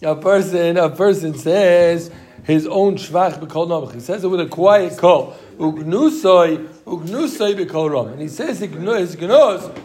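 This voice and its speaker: A man's voice: sits high, darkish tone. A man leads a casual Talmud class. He talks in a loose, rambling way, repeats himself, and keeps dropping Hebrew and Yiddish terms into his English. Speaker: Talmud teacher.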